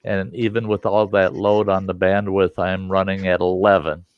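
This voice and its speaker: A man's voice: low voice, flat delivery, normal speed, clean tone, dry recording, lo-fi sound. A man hosting a livestream, chatting casually and rambling through step-by-step tech explanations at his computer. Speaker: livestream host. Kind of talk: casual chat.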